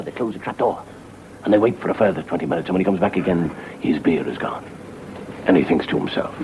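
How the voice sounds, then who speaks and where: A middle-aged man, a comedian and host, telling a spooky tale slowly and dramatically, dropping to a hush in places, on a dull, hissy old TV recording. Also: low-pitched, lively intonation, vocal fry. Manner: slow, dramatic, hushed in places. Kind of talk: theatrical storytelling.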